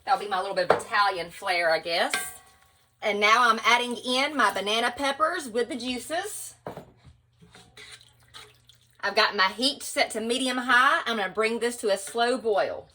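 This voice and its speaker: Bright chatty Southern woman. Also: a little high, normal speed, low-quality recording. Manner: chatty, folksy, talks to viewers as y'all. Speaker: home cook. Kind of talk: casual cooking vlog narration. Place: home kitchen at the stove.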